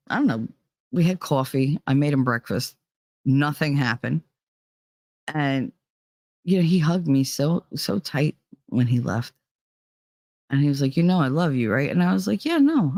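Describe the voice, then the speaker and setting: A woman's voice: low-pitched, darkish tone, no room sound, studio quality. A woman hosting her own vlog, telling a personal story in a candid, profane way and acting out the people in it. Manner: candid, profane, acts out quoted dialogue. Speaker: vlog host.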